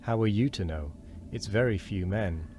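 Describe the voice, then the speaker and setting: Deep-voiced man reading a wheezy old man, doubting, grumbling, pleading, low. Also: moderate pace, darkish tone, a little hiss or hum, close to an everyday voice.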